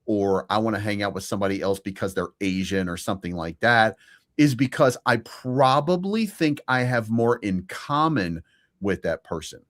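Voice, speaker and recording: A man's voice: on the low side, a bit bright. A man co-hosting a live stream, giving his opinions in a casual political debate, with frequent restarts. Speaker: stream co-host.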